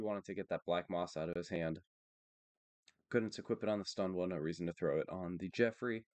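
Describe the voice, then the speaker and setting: A man streaming a card game tournament, calmly talking through the plays in a monotone, matter-of-fact way. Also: deep voice, dry recording. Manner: steady and matter-of-fact, thinking aloud about plays. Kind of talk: live card game commentary.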